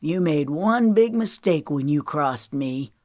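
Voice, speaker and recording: A woman's voice: deep voice, expressive, slow pace, darkish tone, no room sound, clean studio sound. A woman reading the lines of a bitter, contemptuous male villain in an audiobook. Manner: contemptuous, mocking. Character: bitter vengeful man with contempt.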